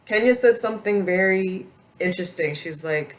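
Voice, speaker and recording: A woman vlogger speaking slowly and haltingly, holding back tears as she talks to her viewers. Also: low-pitched, a bit bright. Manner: slow, halting, emotional. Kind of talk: emotional personal vlog.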